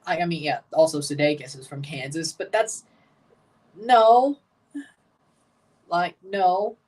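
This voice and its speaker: A man's voice: on the high side, takes it slowly, darkish tone, distant mic. A man with a Southern American accent hosting a livestream soccer watchalong, chatting casually in a rambling, folksy, emphatic way. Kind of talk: casual live match reaction.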